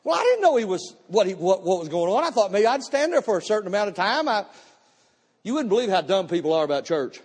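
A man preaching a testimony sermon at a live church service, telling his story with animated bursts of shouting. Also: sits high, quick pace. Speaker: pastor. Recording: long reverb of a church hall.

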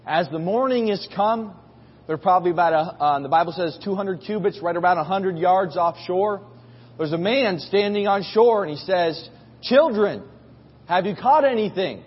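A man's voice: high voice, husky. A man preaching a sermon as a pastor, telling the story in a casual, folksy way and acting out voices. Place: church. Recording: muffled recording in a reverberant hall.

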